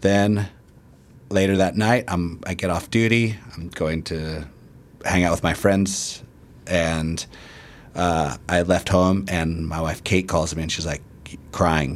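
Deep-voiced firefighter telling his story. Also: steady tone, unhurried. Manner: casual storytelling with fillers. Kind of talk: personal recollection.

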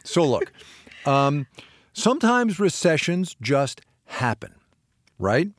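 Lively man explaining things. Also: on the high side, takes it slowly, dry recording. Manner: lively, laughing, self-interrupting explainer. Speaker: podcast co-host. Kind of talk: casual explanatory chat.

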